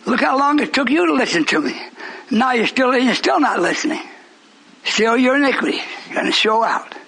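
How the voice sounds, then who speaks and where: A man preaching a sermon as pastor, shouting and scolding, then joking with the congregation. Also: very high voice, lively intonation, moderate pace, gravelly, breathy edge, poor audio. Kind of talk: fiery preaching.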